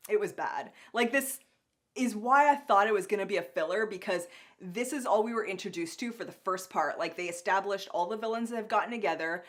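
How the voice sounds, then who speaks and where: A young woman co-hosting a casual podcast, rambling and animated with lots of filler words. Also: fairly low pitch. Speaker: podcast co-host reviewing a cartoon. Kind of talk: casual chat.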